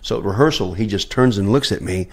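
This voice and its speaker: A guest musician on a podcast speaks fast in a very low voice, telling anecdotes with gusto during the interview. He acts out the quoted lines and laughs often.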